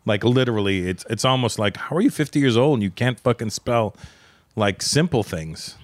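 A man's voice: medium pitch, expressive, no room sound. A man in his fifties co-hosting a comedy podcast, teasing and profane in casual banter. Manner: teasing, profane, quick to laugh.

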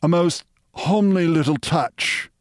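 A man reading aloud who voices a soft-spoken, suave gang boss with a quiet, menacing manner. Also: on the high side, unhurried, no room sound, clean studio sound, pitched above the performer's own voice, natural voice.

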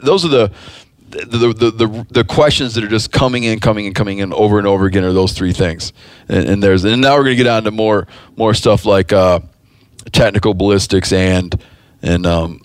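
A man's voice: fairly low pitch, no echo. Rambling male podcast host, dry sound. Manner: rambling, many restarts, dry joking. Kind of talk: casual podcast talk.

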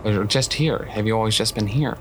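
A man's voice: fairly low pitch, brisk, a bit bright, slight background noise. A man playing a tabletop game, talking casually and asking cautious questions. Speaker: player.

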